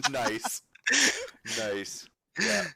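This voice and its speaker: A man running a tabletop game as game master, laughing often and talking with many fillers and restarts. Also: sits high.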